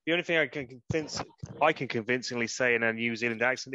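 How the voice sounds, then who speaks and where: A man's voice: medium pitch, fast, sharp tone, no echo, highs cut off. A man co-hosting a casual chat, easygoing and hesitant, thinking aloud as he goes. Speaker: podcast co-host.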